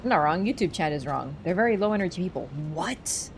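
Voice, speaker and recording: A young adult woman chatting casually and teasing her chat while live-streaming a video game, thinking out loud with lots of fillers. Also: lowish voice, lively intonation, fast, slight background noise. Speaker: gaming streamer.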